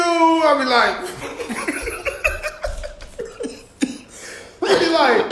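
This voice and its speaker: Profane high-voiced guy telling stories. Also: very animated, very slow, long pauses, a bit bright, reverberant, a little hiss or hum. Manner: profane, laughing, acts out road-rage quotes. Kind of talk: casual storytelling chat.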